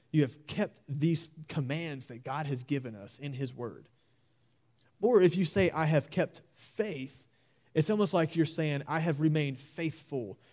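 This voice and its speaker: A man's voice: a little high, dark tone. Earnest young man preaching a sermon. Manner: earnest, exhorting, with slow emphatic repeats.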